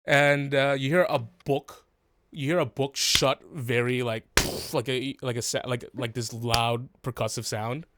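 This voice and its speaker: A man's voice: mid-range voice, steady tone, unhurried, noisy background. A man narrating a tabletop game as game master, rambling with many fillers.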